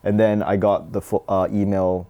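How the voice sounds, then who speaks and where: A man's voice: deep voice, level tone, moderate pace, warm tone, lo-fi sound. Laid-back man. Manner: self-deprecating, laid-back, with frequent restarts. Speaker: guest comedian. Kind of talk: casual conversation.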